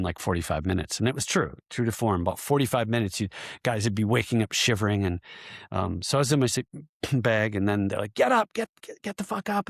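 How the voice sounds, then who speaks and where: A man in his fifties, a veteran podcast guest, telling army stories in a casual interview, lively and laughing as he acts out the shouting. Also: fairly low pitch, no echo, clean studio sound. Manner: animated storyteller who acts out shouted quotes and often laughs.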